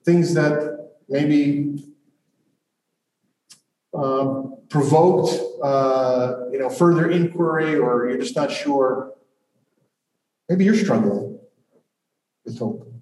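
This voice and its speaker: A male pastor preaching earnestly and reflectively with long pauses, then opening questions to the congregation. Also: a little high, darkish tone, a little hiss or hum. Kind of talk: sermon and congregation Q&A. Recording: roomy hall audio from a distant mic.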